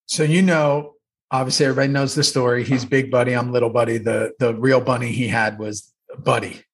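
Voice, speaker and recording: A man's voice: mid-range voice, brisk. A man, an actor co-hosting a podcast, telling behind-the-scenes stories with lots of swearing and animation. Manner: profane, animated storyteller. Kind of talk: casual rewatch chat.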